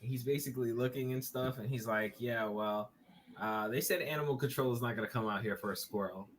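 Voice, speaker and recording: A man with a New York accent, a podcast guest telling a story from his bedroom over a webcam, animated and swearing, laughing as he goes. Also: medium pitch, fairly quick, slight background noise. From Brooklyn, New York. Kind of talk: casual podcast chat, storytelling. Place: bedroom at home.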